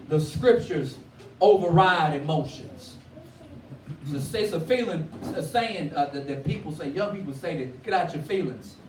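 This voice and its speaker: A man preaching a sermon with call-and-response, rising from quiet talk to loud cries. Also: on the high side, lively intonation, a little slow. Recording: echoey room, from far off, faint noise.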